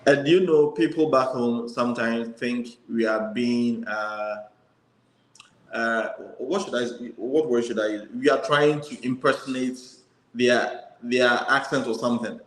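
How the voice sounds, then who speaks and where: Male interviewer, mid-pitch, conversational, echoey room. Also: steady tone, unhurried. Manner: conversational, prompting questions with brief affirmations. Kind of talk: casual interview. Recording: roomy echo.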